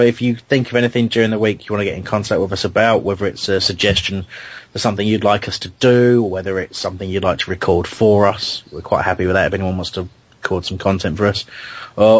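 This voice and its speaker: A man's voice: fairly low pitch, dry recording. A man hosting a casual football fan podcast, chatty and self-deprecating, with frequent restarts. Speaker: podcast host. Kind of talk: casual fan radio chat. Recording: dull lo-fi home recording.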